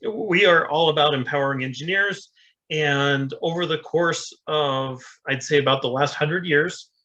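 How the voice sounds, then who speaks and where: A man's voice: fairly high pitch, measured pace, bright, forceful tone, muffled recording. A man co-hosting a casual engineering discussion, talking plainly and practically with some fillers. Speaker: co-host.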